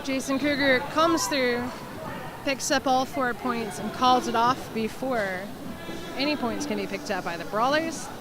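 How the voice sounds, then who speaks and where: A woman calling a sports game play by play, brisk and wry between plays. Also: on the high side, over music. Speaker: commentator.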